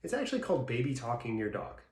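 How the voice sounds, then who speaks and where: Male dog trainer, mid-pitched voice, plain explanatory delivery, recorded with noticeable room echo. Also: sing-song, fast, darkish tone. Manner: plain explanatory, acts out baby-talk praise in bursts. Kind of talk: instructional talk. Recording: roomy echo.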